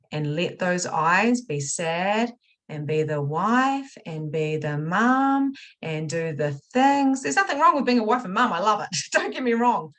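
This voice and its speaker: A woman teaching a spiritual money masterclass. She talks casually and swears, leaping from loud excitement to quiet, confessional asides. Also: deep voice, rough recording. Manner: casual swearing, chatty direct address. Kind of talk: motivational masterclass talk.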